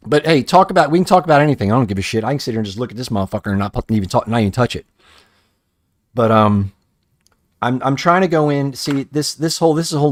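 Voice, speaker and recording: A man's voice: mid-range voice, dry recording, clean studio sound. A man chatting casually on a live stream while painting action figures at home, profane and rambling, often restarting his sentences.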